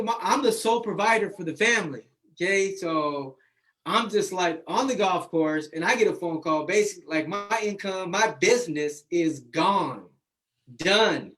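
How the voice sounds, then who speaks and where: A man's voice: sits high, expressive, unhurried, a bit bright. A man telling his personal story on a video call in a casual way, often saying "man" and acting out what people said. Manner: casual, repeats "man" often, acts out quotes. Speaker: guest speaker.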